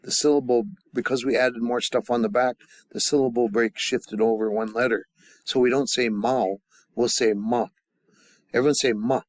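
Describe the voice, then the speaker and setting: A man teaching a language class, leading the students through call-and-response drills and pausing often with fillers and restarts. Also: mid-range voice, fairly even intonation, dry recording. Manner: halting, with many fillers and restarts. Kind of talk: classroom grammar lesson.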